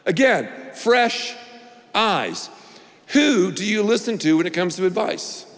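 A man's voice: high voice, expressive, slow, a bit bright, big-room sound. A male pastor preaching a sermon, emphatic and repetitive, with playful asides.

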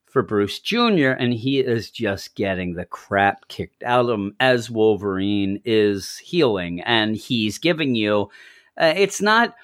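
A man's voice: on the low side, very animated, takes it slowly, fairly bright tone. A middle-aged man co-hosting a podcast in casual chat, telling long rambling stories and chuckling as he goes. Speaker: podcast co-host.

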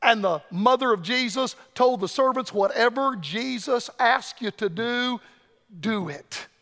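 In a church sanctuary, an older evangelist preaches a fiery revival sermon in an unusually high, bright, ringing voice, speaking a little slowly. He swings from shouts to hushed murmurs, and the hall adds a long reverb.

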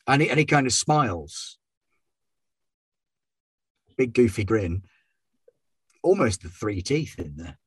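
A man running a tabletop game, describing the scene in a wry, relaxed way. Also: medium pitch, takes it slowly, long pauses, breathy edge, no room sound. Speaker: game master.

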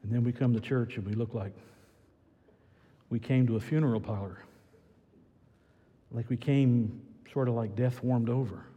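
A man preaching a sermon as pastor, swinging from loud excited build-ups to quiet earnest passages. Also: mid-range voice, normal speed, pauses often, slightly rough, long reverb tail.

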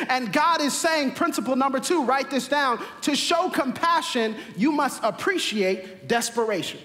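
Male pastor, high and forceful, preaching with driving repetition, long reverb in the room. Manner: preaching with rising, emphatic repetition. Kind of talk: sermon. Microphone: camera mic, livestream to viewers.

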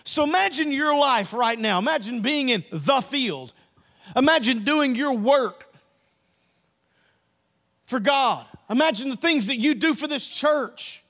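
A man preaching a sermon as pastor, emphatic and repetitive, swinging between loud passages and hushed ones. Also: extremely high pitch.

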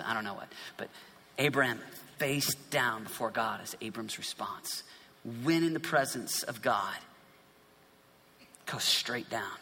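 A man's voice: mid-range voice, sharp tone, a little hiss or hum. A man preaching a sermon, reading scripture dramatically with playful asides and sudden drops to a whisper. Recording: echoey hall reverb.

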